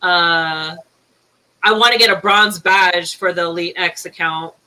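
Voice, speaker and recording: A woman co-hosting a casual chat from her room at home over a video call, excitable and laughing often. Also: lowish voice, unhurried, a little hiss or hum, rough recording. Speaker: co-host.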